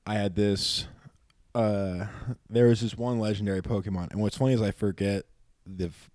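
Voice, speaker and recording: A man's voice: lowish voice, normal speed, no room sound, clean studio sound. A young man and comedy podcast co-host, trading jokes in casual banter and acting out voices as he tells stories. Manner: animated storytelling with acted-out voices and laughter.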